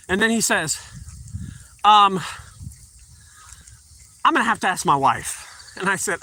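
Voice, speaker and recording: A man's voice: high voice, big pitch swings, normal speed, pauses often, pushed and bright, low-quality recording. A man who owns a junk removal business tells a work story in a casual vlog, talking animatedly and acting out both sides of the conversation. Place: outdoors by a property. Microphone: phone held by speaker.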